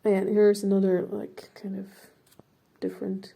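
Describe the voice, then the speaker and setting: A young Dutch woman, a native Dutch speaker, talks casually through a studio vlog about her painting. Her voice is mellow and soft-edged, and she fills her talk with "like" and small laughs. She sounds slightly out of breath. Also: mid-range voice, monotone, a little slow, creaky, husky. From Netherlands. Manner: chatty, filler-heavy, laughs often. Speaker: portrait painter.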